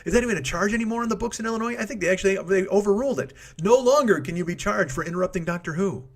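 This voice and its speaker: Fast-talking, profane comedy podcast man. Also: sits high. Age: 40s. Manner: profane, self-interrupting, laughs at own jokes. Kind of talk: rambling comedic monologue. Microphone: studio microphone.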